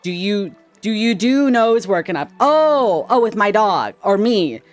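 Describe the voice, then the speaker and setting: A man chatting casually on a live stream, his voice bouncing up and down in pitch. He swears freely and shifts from loud to quiet as he talks. Faint music plays underneath. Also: a little slow. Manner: animated, swings between loud and quiet.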